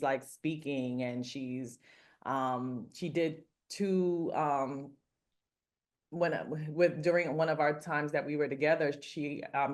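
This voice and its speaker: A woman, a makeup artist, talking earnestly about her faith and mentoring in a casual interview, with many fillers and restarts. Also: low-pitched. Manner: earnest, rambling, frequent fillers.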